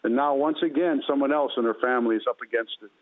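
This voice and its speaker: A man's voice: medium pitch, fast. Man telling his testimony over a phone line. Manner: earnest, repetitive storytelling. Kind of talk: emotional personal testimony.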